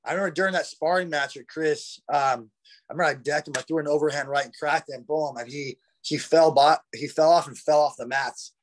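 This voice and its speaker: Profane, rambling man telling fight stories. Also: on the high side. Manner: profane, rambling, uses "bro" and "dude". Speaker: guest, retired fighter. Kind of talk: casual storytelling. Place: podcast conversation.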